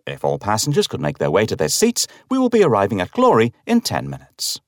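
A man's voice: fairly low pitch, wildly swooping pitch, a little fast, dry recording, clean studio sound. A man voicing a female cabin crew member who makes a formal, reassuring announcement.

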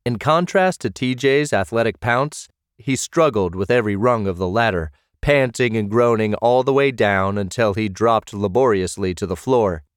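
A man reading scripted narration for an audiobook at a measured pace. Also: lowish voice, smooth, no echo, studio quality.

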